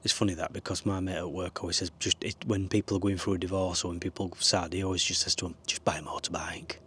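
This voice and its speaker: A man's voice: deep voice, little pitch movement, fast, a bit bright, husky. A man giving rambling, earnest life advice to camera from a small camper van. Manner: rambling, earnest, swears now and then. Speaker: vlogger. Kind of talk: casual advice talk to camera.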